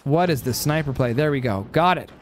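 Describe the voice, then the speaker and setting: A man giving play-by-play commentary on a strategy game match, excitable and bursting into loud exclamations at big plays, a little stuffy from post-nasal drip. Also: mid-range voice, fairly quick, a little hiss or hum. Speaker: game caster.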